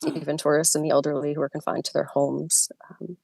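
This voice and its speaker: A middle-aged nurse giving emotional, halting testimony by video call from her car. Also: deep voice, level tone, vocal fry, darkish tone, slightly rough, no room sound. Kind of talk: personal testimony.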